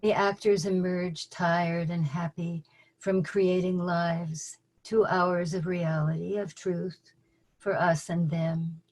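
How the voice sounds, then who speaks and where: An older woman poet reading her own poems at a virtual open mic over a video call, measured and deliberate, with dry asides between pieces. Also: lowish voice, flat delivery, darkish tone, low-quality recording.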